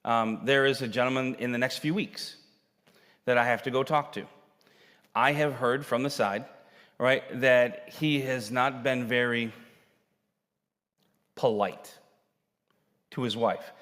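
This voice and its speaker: A man's voice: mid-range voice, takes it slowly, pauses often. Man preaching in a reverberant hall. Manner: animated storytelling, acting out characters' lines. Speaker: pastor. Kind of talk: sermon. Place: church sanctuary.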